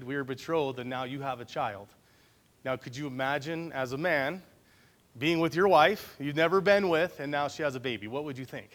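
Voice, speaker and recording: A man's voice: fairly high pitch, fairly bright tone. A man preaching a conversational Bible-study sermon, often checking in with his listeners by asking "right?".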